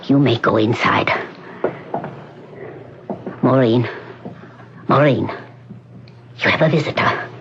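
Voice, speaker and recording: An actor playing a formal, cautious hospital doctor who speaks in a measured, precise way, in 1970s radio drama acting. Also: male voice, mid-range voice, vocal fry. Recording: dull old radio recording, faint hiss.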